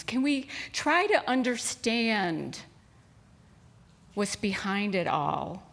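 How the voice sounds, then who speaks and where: A woman minister speaks to her congregation in a relaxed, conversational way. Her voice sits at a middle pitch, and she drifts into asides as she tells stories. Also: takes it slowly, long pauses. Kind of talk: sermon. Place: spiritual center sanctuary.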